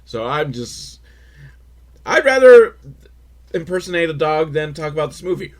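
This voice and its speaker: A male podcast host recapping a movie with crude, rambling, self-mocking humor. His voice sits a bit high and swings widely in pitch, jumping into sudden loud outbursts. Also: very animated, moderate pace. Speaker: podcast host reviewing a film. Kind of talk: casual comedic film recap.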